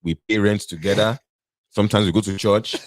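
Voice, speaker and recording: A man's voice: lowish voice, steady tone, brisk, no room sound, lightly acted. A man voicing a married Nigerian man who sweet-talks a woman, speaking in a Nigerian accent. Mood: pleading. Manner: pleading, sweet-talking, playful. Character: smooth-talking married Nigerian man flirting.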